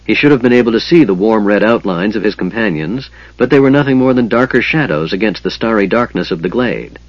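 A man reading a fantasy novel aloud in a measured storytelling manner. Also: on the low side, lively intonation, no room sound, lo-fi sound. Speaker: audiobook narrator. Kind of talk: scripted fantasy narration.

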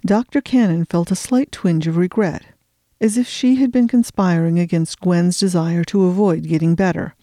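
Low-voiced woman narrating a novel. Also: no room sound, clean studio sound. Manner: steady measured storytelling. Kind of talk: audiobook narration.

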